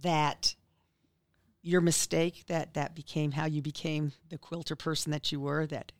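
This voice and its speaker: Lower-voiced woman co-host, eager. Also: little pitch movement, measured pace, dry recording. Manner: eager, encouraging, laughs along. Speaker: podcast co-host. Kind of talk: casual interview chat.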